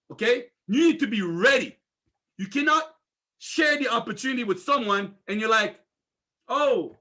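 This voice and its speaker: A man giving an energetic motivational sales training, repeating himself and firing off rhetorical questions. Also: high voice.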